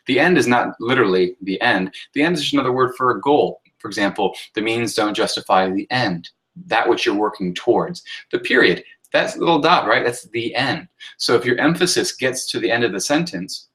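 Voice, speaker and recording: A man's voice: medium pitch, expressive, brisk, fairly bright tone, low-quality recording. A man, a writing instructor, talking through a recorded workshop lecture on sentence style in an explanatory way, often checking in with "right?" and using fillers.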